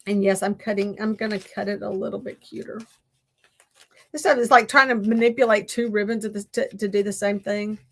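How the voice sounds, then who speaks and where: A woman's voice: mid-range voice, fairly even intonation, fairly quick. A woman chatting to her viewers while she crafts, talking to herself and laughing often. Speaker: crafting vlogger. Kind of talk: casual crafting chat to viewers.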